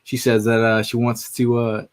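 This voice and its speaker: A man's voice: mid-range voice, monotone, normal speed. A man co-hosting a casual sports podcast, rambling easygoing with many "uh"s. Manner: rambling, filler-heavy, easygoing. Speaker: podcast co-host.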